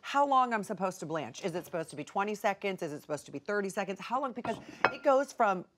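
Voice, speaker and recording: A female talk show co-host, curious and eager, asking the chef practical questions. Her voice is at an ordinary middle pitch, with a faint hiss underneath. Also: expressive, fast talker, a bit bright. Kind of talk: casual chat during a cooking segment. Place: TV studio kitchen.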